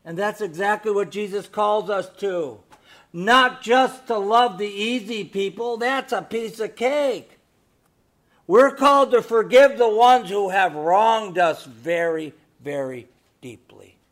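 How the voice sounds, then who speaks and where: A man preaching a sermon, moving between hushed storytelling and loud, emphatic exhortation full of rhetorical questions. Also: sits high, slow. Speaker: pastor.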